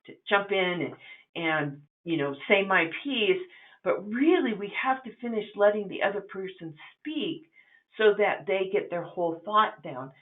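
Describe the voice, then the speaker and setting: A woman's voice: medium pitch, animated, a little slow, narrow, tinny audio. A woman presenting a webinar lecture in a conversational, instructive way, with frequent ums.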